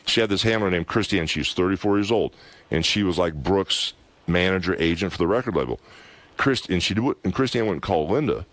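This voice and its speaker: A man's voice: sits low, animated, brisk, a bit bright, dry recording. A middle-aged man, a former wrestler, telling a long personal story as a radio guest, emphatic and rambling with lots of "you know" and "anyway". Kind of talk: candid radio interview storytelling.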